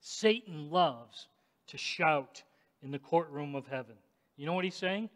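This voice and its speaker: A male pastor delivers a sermon in a fairly high voice, taking his time. He talks straight to his listeners and rises to shouts at times. A long reverb rings through the large church hall. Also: expressive, a little slow. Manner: emphatic, addresses the congregation directly, rises to shouts.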